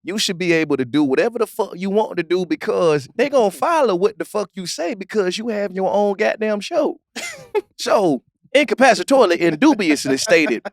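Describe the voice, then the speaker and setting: A man doing an impression of a smooth-talking, pompous man who piles up long fancy words. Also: sits high, expressive, normal speed, no room sound, clean studio sound. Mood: grandiloquent.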